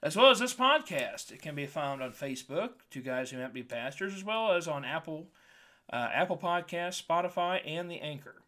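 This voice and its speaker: A man's voice: on the high side, lively intonation, moderate pace, pushed and bright. A man, a pastor co-hosting a podcast, telling a long joke in a folksy, drawling storyteller way and then signing off. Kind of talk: casual joke telling and sign-off.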